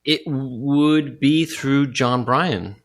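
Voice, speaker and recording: A man in his forties, a film director guest on a podcast, talking casually in halting stretches full of restarts and pauses. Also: medium pitch. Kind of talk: casual conversation.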